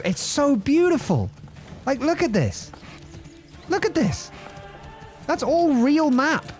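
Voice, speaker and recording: A man's voice: high-pitched, darkish tone. A young man, chatting playfully as he streams gameplay and greets viewers. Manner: playful, chatty, jokes and laughs often. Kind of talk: live-streamed gameplay commentary.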